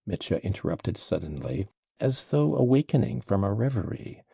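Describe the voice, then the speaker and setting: A man reading an audiobook in a subdued, low-key scripted narration. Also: animated, normal speed, gravelly, mellow, husky, dry recording, clean studio sound.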